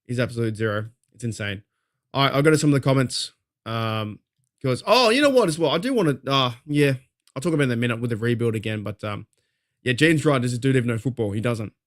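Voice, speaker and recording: An Australian man hosting a fan talk show at a mid-range pitch. He vents in a fired-up, rambling way and swears freely, circling back over his points. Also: expressive, fast talker. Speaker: podcast host. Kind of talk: casual fan commentary.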